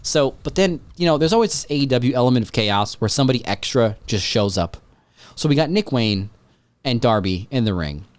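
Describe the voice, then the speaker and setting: Male podcast host, casual chat; mid-range pitch, dry recording, rambling and excitable delivery. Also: fairly quick, no room sound. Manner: rambling, excitable, swears freely.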